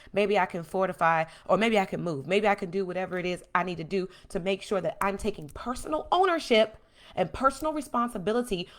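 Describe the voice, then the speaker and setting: A woman hosting a podcast, giving a blunt, emphatic, preachy monologue that swings from calm to loud. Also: lowish voice. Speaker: podcast host. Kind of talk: impassioned monologue.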